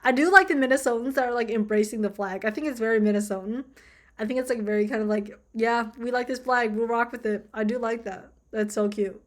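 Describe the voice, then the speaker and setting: Chatty young woman with a high voice. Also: fast. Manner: chatty, filler-heavy, laughs often, swears casually. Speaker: vlogger. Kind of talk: casual commentary video.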